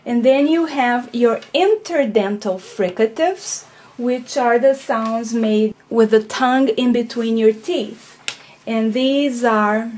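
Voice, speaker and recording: A woman's voice: a little high, slow, darkish tone, slight background noise. A woman teaching a recorded phonetics lesson, explaining patiently and checking in with "okay?" and "right?".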